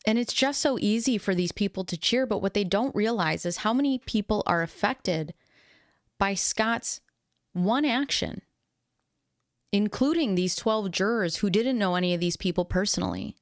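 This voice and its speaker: A woman's voice: medium pitch, moderate pace, no echo, studio quality. A woman hosting a true crime commentary who reads court statements aloud and then gives her own opinion with feeling.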